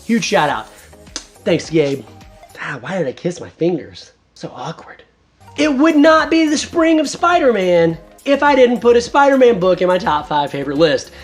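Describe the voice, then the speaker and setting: A man in his thirties hosting a casual video review, talking enthusiastically. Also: sits high. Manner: enthusiastic, animated. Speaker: host.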